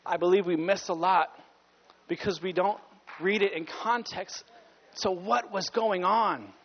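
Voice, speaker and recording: High-voiced passionate male pastor preaching. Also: measured pace, big-room sound, lo-fi sound, a little hiss or hum. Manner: passionate, stops to correct himself. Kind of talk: sermon.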